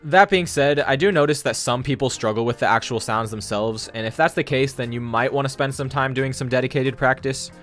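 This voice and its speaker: A man's voice: medium pitch, a little fast, few pauses, a bit bright, faint music behind. A man giving a scripted explainer monologue on language learning, matter-of-fact and confident.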